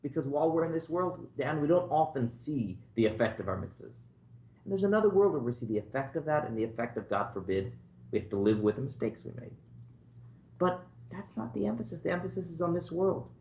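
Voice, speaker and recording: Animated rabbi teaching in a roomy hall. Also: male voice, fairly high pitch, brisk, vocal fry. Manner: conversational, storytelling, asks the class questions. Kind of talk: informal Torah class lecture. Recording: roomy echo.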